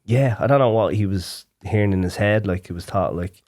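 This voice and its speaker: A man's voice: on the low side, a little fast, a little mellow. A man, a musician guest telling gig stories in casual chat, laughing often. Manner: laughs often, storytelling with acted quotes.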